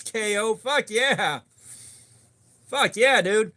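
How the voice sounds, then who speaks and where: A man's voice: extremely high pitch, moderate pace, pushed and bright. A man hosting a laid-back live stream, greeting chat viewers by name. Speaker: livestream host.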